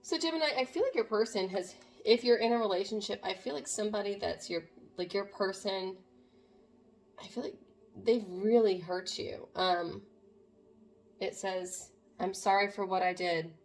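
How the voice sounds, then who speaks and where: A woman's voice: mid-range voice, moderate pace, slight background noise. A woman doing a casual tarot reading to camera, talking to viewers in an earnest, meandering way. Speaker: tarot reader.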